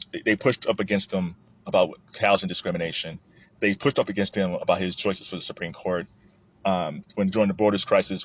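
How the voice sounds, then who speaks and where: A man giving a casual political commentary monologue, animated and often restarting his sentences. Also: no echo. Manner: animated, rising high when emphatic, with frequent restarts. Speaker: commentary vlogger.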